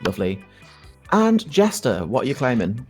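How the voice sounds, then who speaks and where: A woman hosting a game session with friends, reading out the game's narration in a playful, lively way. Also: extremely low pitch, moderate pace, soft background music. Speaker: host.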